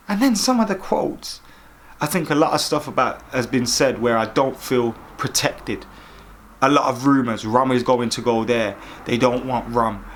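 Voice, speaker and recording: A man's voice: mid-range voice, a bit bright. Sarcastic football vlogger, man. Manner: exasperated, sarcastic ranting. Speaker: football fan vlogger host. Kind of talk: opinionated fan commentary.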